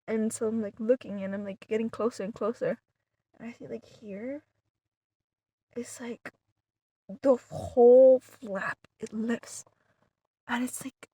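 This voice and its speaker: A woman's voice: a little high, husky, no echo. A woman telling a long story casually to her viewers, rambling with many "like" fillers and restarts, sometimes dropping to a whisper. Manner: animated retelling, some words dropped to a whisper. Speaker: vlogger.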